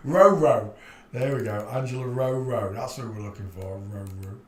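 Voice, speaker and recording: Casual livestream commentary comes from a man with a lowish, somewhat dark voice, fairly even in intonation and moderate in pace. He rambles and talks bluntly and chattily, laughing at his own gags, and the recording has a roomy echo.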